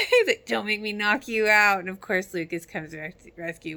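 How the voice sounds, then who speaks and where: A woman giving casual rewatch reaction commentary, chatty and giggly, quickly mimicking characters' lines. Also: a little high, big pitch swings, bright, forceful tone. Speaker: show reaction host.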